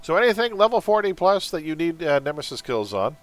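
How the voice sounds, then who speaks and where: A man's voice: a little high, very animated, fairly quick, faint music behind. A man streaming a superhero game, chatting casually and bluntly with his viewers and teammates while he plays. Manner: chatty, blunt, venting with laughs. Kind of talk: casual gaming livestream chat.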